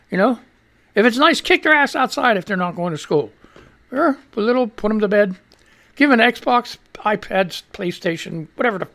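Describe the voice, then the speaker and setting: A man's voice: sits high, gravelly, pushed and bright. A man in his sixties hosting a live radio stream, chatting casually and profanely and reading viewer tweets. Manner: profane, rambling, laughs at himself. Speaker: radio show host.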